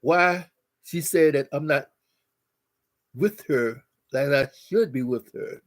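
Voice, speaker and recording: A man telling a marriage story in an animated way, acting out the dialogue. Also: fairly high pitch, slow. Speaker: speaker on marriage. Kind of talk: storytelling talk.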